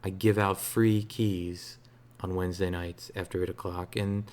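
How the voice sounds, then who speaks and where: A man streaming games, chatting casually in a relaxed, rambling way with a soothing voice and lots of fillers. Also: sits low, unhurried. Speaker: game streamer. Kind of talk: casual live-stream chat.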